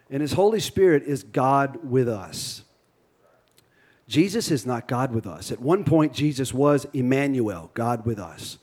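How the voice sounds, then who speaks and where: Medium in pitch with a darkish tone, a Louisiana-accented man in his thirties serves as guest preacher. He preaches with storytelling in a folksy, joking manner, restarting his sentences now and then.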